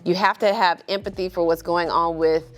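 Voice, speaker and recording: A middle-aged woman on a talk show, speaking firmly and deliberately in casual chat. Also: lowish voice, steady tone. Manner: firm, emphatic, deliberate.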